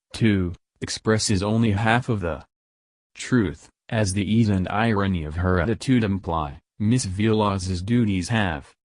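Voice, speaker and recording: A man narrating an audiobook in a measured, wry way. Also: on the low side, a little mellow, no echo, studio quality.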